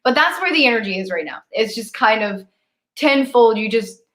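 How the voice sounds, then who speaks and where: A woman co-hosting a spiritual live stream in a casual, animated chat, acting out her own stories and laughing easily at herself, heard over a video call. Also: on the high side, moderate pace. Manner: animated storyteller, acts out her own frustration.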